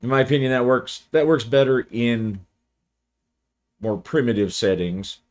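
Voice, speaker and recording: A man, hosting his channel and giving a relaxed, rambling video review. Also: mid-range voice, a little slow. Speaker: channel host, game reviewer.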